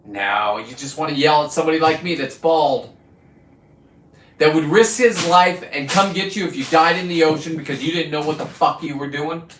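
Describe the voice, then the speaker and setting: A man ranting live on his phone stream, swearing hard and preaching at his viewers. His voice is on the higher side and pushed, forceful and tense. He sits back from the phone in an echoey room. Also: moderate pace. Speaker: livestream host. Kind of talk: profane livestream rant. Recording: echoey room, distant from the mic.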